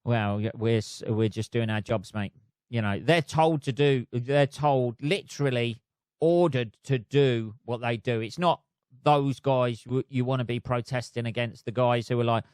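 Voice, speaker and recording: A man's voice: medium pitch, normal speed, a little mellow, smooth, no echo, studio quality. Sweary, rambling man. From United Kingdom. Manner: sweary, rambling, self-mocking. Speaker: podcast host. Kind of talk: casual solo rant. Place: flat.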